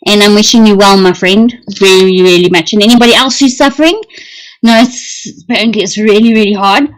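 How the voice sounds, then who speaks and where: A woman's voice: medium pitch, a little fast. A woman hosting a casual livestream about astrology, chatting in a rambling way and answering viewer comments as she goes. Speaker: livestream host.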